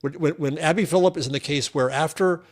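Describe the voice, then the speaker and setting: Earnest man podcast co-host. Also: a little high. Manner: earnest, halting, restarts, ends forcefully. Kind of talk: political podcast talk.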